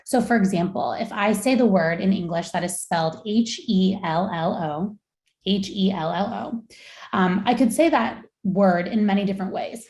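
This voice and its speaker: Young adult woman researcher, low gravelly voice, measured academic lecture delivery, echoey room. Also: darkish tone. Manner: measured, explanatory. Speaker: researcher giving a talk.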